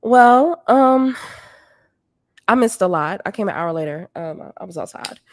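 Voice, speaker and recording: A woman joining a casual livestream chat as a guest, talking hesitantly with lots of pauses. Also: medium pitch, animated, no echo, studio quality. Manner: hesitant, full of ums.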